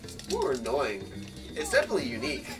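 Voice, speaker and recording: Lively chatty let's-play commentator. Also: mid-range voice, quick pace, far from the mic. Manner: chatty, full of "like" fillers, wondering aloud. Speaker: game commentator. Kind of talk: casual let's-play chat. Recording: voice set back from the mic over game music. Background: game music.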